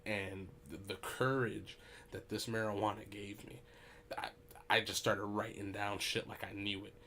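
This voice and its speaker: A young man hosting a podcast who tells a story casually, animated and profane, with laughing asides. His voice sits fairly low, with a faint hiss of background noise. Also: measured pace. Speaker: podcast host.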